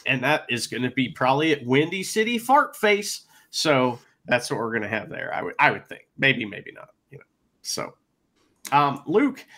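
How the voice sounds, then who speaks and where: Male co-host, bright and animated, swears freely, casual recap delivery. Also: on the high side. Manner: excitable, swears a lot, plays out wrestlers' shouts. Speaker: podcast co-host. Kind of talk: casual match recap chat.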